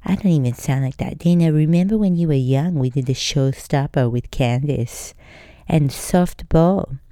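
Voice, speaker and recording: A fussy middle-aged Japanese mother, as a podcast host puts her on, scolding and doting by turns with a strong Japanese accent. The voice sits low and mellow, and the room sounds dry and close. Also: normal speed, dry recording, lightly acted.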